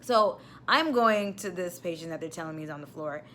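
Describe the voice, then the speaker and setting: A woman's voice: lowish voice, fairly quick, a little hiss or hum. A young woman with a New York accent, an ER nurse, telling a story in a casual vlog and getting more and more exasperated as she goes. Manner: animated, exasperated storytelling with rising outbursts. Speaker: ER nurse vlogger.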